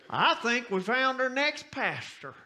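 A man voicing a cheerful older male church member who announces things loudly. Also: extremely high pitch, pitched above the performer's own voice, heavily acted.

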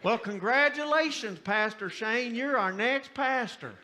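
A man voicing a cheerful older male church member who announces things loudly. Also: very high voice, a little slow, pitched above the performer's own voice, full character voice. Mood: jovial.

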